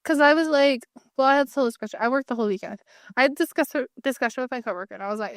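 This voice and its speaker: A woman co-hosting a podcast in casual chat, talking quickly and breaking into bits of jingles. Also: high voice, no echo, clean studio sound. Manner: chatty, bursts into sung jingles. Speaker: podcast co-host.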